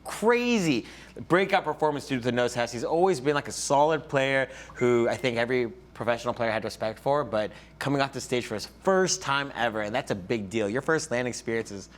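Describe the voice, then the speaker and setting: A man talking esports analysis at a desk show in a relaxed, conversational way. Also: medium pitch, fairly quick. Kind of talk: casual esports desk chat.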